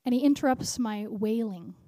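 A woman preaching at a conference, animated, repeating key lines and asking the crowd questions. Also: a little high, moderate pace, no echo. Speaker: conference speaker. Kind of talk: sermon.

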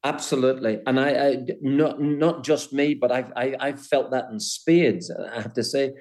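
A man's voice: mid-range voice, steady tone, moderate pace, darkish tone. An older man, a former footballer, recalling his playing days in an interview, often restarting and repeating words. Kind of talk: interview, storytelling.

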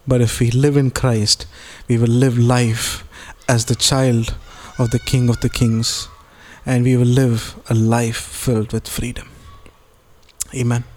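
A male pastor delivers a sermon in an earnest voice of middle pitch. He reads scripture aloud and explains it in plain terms. He repeats key phrases for emphasis. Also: a little mellow.

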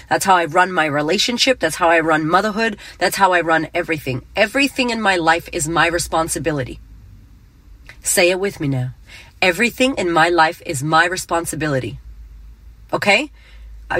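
A woman's voice: fairly low pitch, fairly bright tone, no room sound. Blunt, profane woman podcast host. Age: middle-aged. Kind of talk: motivational podcast monologue.

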